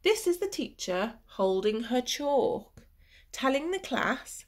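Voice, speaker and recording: A woman reading a picture book aloud to children in a gentle, sing-song way, stopping to ask them questions and sometimes dropping to a whisper. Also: high voice, sing-song, unhurried, gravelly, breathy edge.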